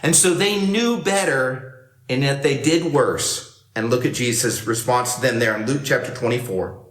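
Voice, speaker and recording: A man's voice: mid-range voice, moderate pace, fairly bright tone. A man preaching a sermon to a camera for online worship, talking in a conversational way and acting out the lines he quotes. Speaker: pastor. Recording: roomy echo.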